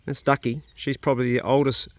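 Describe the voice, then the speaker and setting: A man's voice: medium pitch, level tone, fairly quick, no room sound. A man with a New Zealand accent chatting casually as he walks around his rural homestead, filming on a handheld camera. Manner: chatty, matter-of-fact, casual swearing. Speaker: vlogger. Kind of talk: casual narration while working outdoors.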